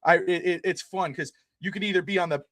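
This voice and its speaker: Rambling man, brightly pitched, dry sound. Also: brisk, dry recording. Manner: rambling, many "you know" fillers. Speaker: podcast co-host. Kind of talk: casual sports chat.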